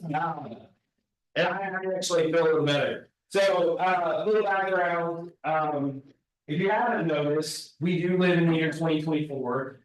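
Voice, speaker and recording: A man's voice: a little high, moderate pace. A man with a weakened voice leading a team meeting, talking casually and asking the room questions. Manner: relaxed, conversational, asks the room questions. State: weak voice. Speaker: team leader presenting at an office meeting. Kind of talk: meeting presentation. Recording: very echoey room, distant mic.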